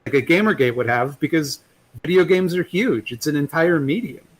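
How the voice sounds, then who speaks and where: A man's voice: fairly high pitch, lively intonation, normal speed, low-quality recording. A man talking as a guest in a casual chat, rambling and swearing, with many restarts and fillers.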